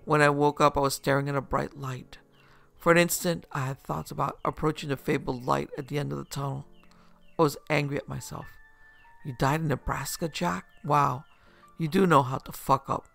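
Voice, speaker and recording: A man narrating a first-person horror story in a steady, scripted telling. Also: a little high, gravelly.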